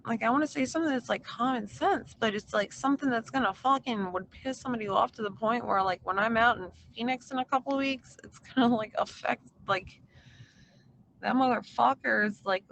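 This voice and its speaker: Gravelly, profane livestreamer rambling casually. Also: medium pitch, brisk, a bit bright, slight background noise, rough recording. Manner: profane, filler-heavy, meandering. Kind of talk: casual rambling stream chat.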